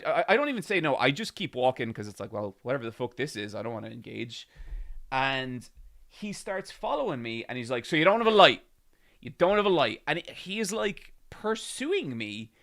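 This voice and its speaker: A man's voice: medium pitch, a bit bright. An Irish man in his thirties telling a rambling story to his live-stream chat, swearing and getting worked up. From Ireland.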